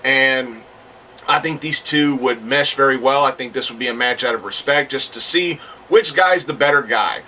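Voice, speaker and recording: A man's voice: mid-range voice, normal speed, bright, forceful tone, recorded from a distance, a little hiss or hum. A man rambling in a casual talking-to-camera monologue, often restarting his sentences and getting worked up, with some swearing. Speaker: wrestling fan vlogger.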